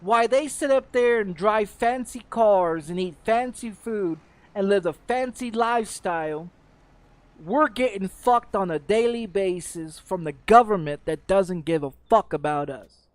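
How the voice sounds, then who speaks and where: A man's voice: sits high, measured pace, no room sound. A middle-aged man from the United States, a game streamer, in a heated, profane rant that keeps stumbling over repeated words. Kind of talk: heated off-topic rant on a livestream.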